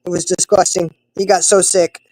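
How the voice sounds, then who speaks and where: A woman's voice: normal speed, no room sound, rough recording. Chatty woman telling stories. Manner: chatty storyteller, animated with big swings in pitch. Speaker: co-host. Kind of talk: casual chat.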